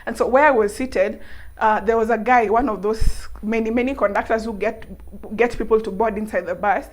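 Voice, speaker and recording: Young kenyan woman vlogging, chatty storytelling, laughs a lot, voice a bit high. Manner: animated, laughing, mixing in local words. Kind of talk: casual storytelling to camera.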